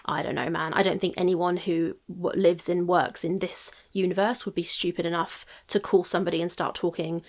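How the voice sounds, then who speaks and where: Woman host with a low gravelly voice, skeptical rambling commentary. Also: flat delivery, moderate pace, hardly any pauses. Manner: skeptical, thinking aloud with hedges. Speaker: reaction channel host. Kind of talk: casual commentary.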